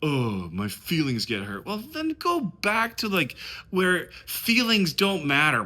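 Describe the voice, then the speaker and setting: A man's voice: sits high, huge pitch swings, takes it slowly, sharp tone. A man who coaches on dating, talking casually to the camera in a passionate, rambling rant full of swearing.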